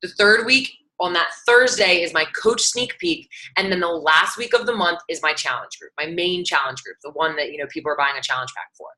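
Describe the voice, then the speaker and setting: A woman's voice: fairly low pitch, a little fast, hardly any pauses, sharp tone, rough recording. A young adult woman, a fitness coach, giving casual how-to advice to other coaches in a chatty, conversational way. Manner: chatty, conversational, restarts often and acts out sample messages. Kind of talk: casual instructional talk.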